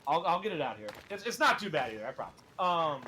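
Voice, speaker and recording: A man's voice: fairly high pitch, sing-song, fast, sharp tone, a little hiss or hum. Rambling young man telling jokes. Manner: rambling joke-telling with many fillers. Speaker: gaming streamer host. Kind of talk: casual chat while playing.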